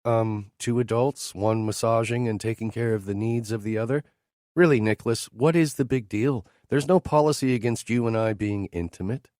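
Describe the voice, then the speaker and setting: A man's voice: normal speed, a little mellow, no echo, clean studio sound, close to an everyday voice. A man voicing a pushy, flirtatious female employee with a coy, wheedling delivery. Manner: coy, wheedling, raised pitch.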